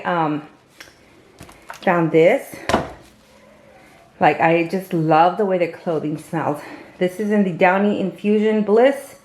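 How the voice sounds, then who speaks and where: A woman's voice: on the low side, noisy background. Chatty woman vlogging at home. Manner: chatty, rambling with restarts, baby-talk to her pets. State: a little out of breath. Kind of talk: casual home vlog chat. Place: home indoors. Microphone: handheld camera.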